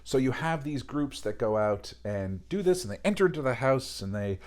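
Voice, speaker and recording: A man talking through an academic reading in a casual lecture, rambling with restarts and lively asides. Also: mid-range voice, moderate pace. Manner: discursive, many fillers and restarts, animated asides.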